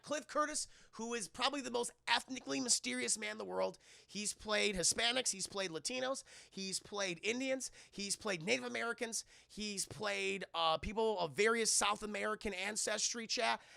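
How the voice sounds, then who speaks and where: Excitable streamer with a gravelly high voice. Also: male voice, no room sound, studio quality. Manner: rambling, excitable, addresses chat often. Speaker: streamer doing a film review. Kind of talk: casual live-stream chat.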